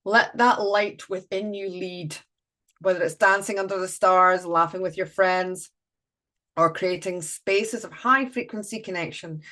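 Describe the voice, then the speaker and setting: A woman's voice: fairly low pitch, a bit bright. A woman doing a live oracle card reading, chatty and playful, breaking off to greet viewers.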